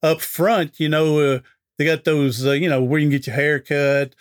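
Folksy man telling a story, slightly high voice. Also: steady tone, normal speed. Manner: folksy, chatty anecdote-telling with acted-out dialogue. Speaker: interview guest, author and speaker. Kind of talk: storytelling in a podcast interview.

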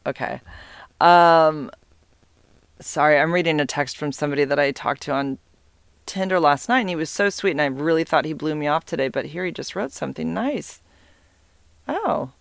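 A woman's voice: low voice, creaky, no room sound. A middle-aged woman telling a personal story in a rambling, easily distracted way, swearing freely. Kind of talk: casual storytelling.

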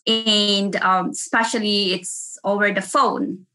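Bright-voiced woman telling a story. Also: medium pitch, slow. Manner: animated storytelling with laughter. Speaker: nurse, guest. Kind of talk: casual anecdote.

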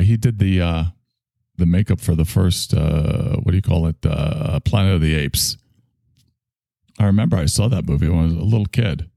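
A man's voice: sits low, vocal fry, dark tone, dry recording. A man in his sixties who hosts a show, rambling through a crude, joking solo monologue that keeps trailing off.

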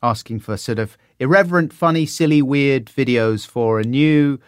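A middle-aged man, a guest in an interview, telling stories in an animated, self-deprecating way. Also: normal speed, clean tone, no room sound, clean studio sound. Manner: animated, self-deprecating, lively swings in pitch. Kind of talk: relaxed anecdotal storytelling.

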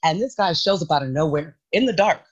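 A woman co-hosting a podcast, chatting casually and telling stories in an emphatic, animated way. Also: low voice, quick pace, husky, highs cut off. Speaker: podcast co-host. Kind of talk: casual chat.

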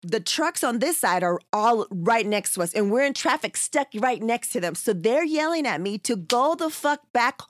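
A woman's voice: on the high side, normal speed, hardly any pauses, no room sound, studio quality. A woman telling a story in casual chat, swearing freely and acting out what others said. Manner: animated, profane, acts out quotes.

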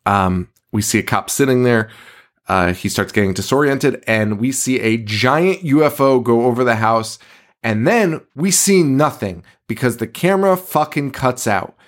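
A man co-hosting a casual movie-recap podcast, animated, laughing often, swearing freely and acting out scenes in quick put-on voices. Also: medium pitch. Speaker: podcast co-host.

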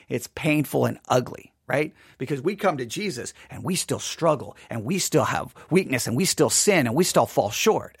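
Man preacher, high voice, dry close sound, earnest retelling of his sermon with restarts. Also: slightly rough, no echo. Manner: earnest, emphatic, with frequent restarts. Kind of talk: recounting a funeral sermon.

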